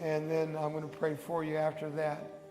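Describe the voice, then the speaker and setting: Fervent older preacher in an echoey hall. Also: male voice, on the high side, monotone, normal speed. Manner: fervent, coaxing, breaks into murmured praise. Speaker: guest evangelist. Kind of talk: altar call and led prayer. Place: large church sanctuary. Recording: echoey hall with worship music behind.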